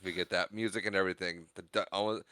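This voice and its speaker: A man's voice: low-pitched, fast talker, clean tone, no echo, studio quality. A man co-hosting a casual movie podcast, retelling scenes and acting out lines in playful voices. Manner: animated, acts out movie lines in silly voices. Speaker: podcast co-host.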